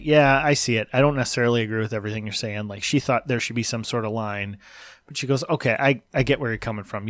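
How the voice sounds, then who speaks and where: A man with a mid-pitched voice talks through a debate in casual podcast chat. He is measured and analytical and quotes both sides in a level tone. The recording is dry and close. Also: no room sound. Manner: measured, analytical retelling, quoting dialogue in a flat tone. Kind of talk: casual chat recounting a video.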